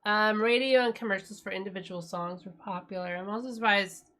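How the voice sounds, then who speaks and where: A woman's voice: mid-range voice, fairly even intonation, a little fast, sharp tone. A woman from Britain chatting casually on a live music stream, giggly and full of fillers.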